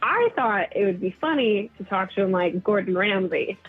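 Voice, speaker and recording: A woman's voice: mid-range voice, expressive, moderate pace, faint music behind. A woman calling into a radio show, telling a dating story with amusement. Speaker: caller. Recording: tinny phone line.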